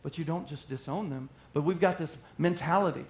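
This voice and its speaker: Preacher guy giving a sermon, kinda high voice, lively, echoey room. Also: fairly quick. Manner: animated, acts out little quoted voices. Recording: roomy echo.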